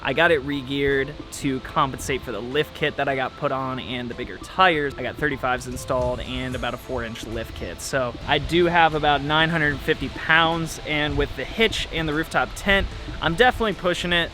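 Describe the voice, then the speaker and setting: A man's voice: medium pitch, normal speed, music in the background. A man talking casually to camera as a vlogger, playful and joking in his asides. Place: home, bathroom and truck with travel trailer.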